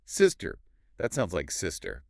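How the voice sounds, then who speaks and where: Very deep-voiced man explaining pronunciation. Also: animated, moderate pace, dry recording, studio quality. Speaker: English teacher co-host. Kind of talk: scripted language lesson dialogue.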